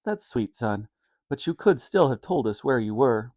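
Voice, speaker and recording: An earnest, loving storybook father, voiced by a man reading aloud. He talks gently and warmly to his son, with lively rises and falls. The sound is dry and close. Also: mid-range voice, moderate pace, dry recording. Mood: gentle.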